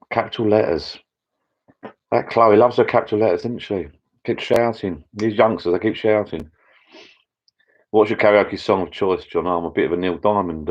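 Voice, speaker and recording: A middle-aged man hosting a casual live chat with viewers from his backyard pub shed, rambling and getting easily excited. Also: sits low. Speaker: channel host. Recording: dull lo-fi sound.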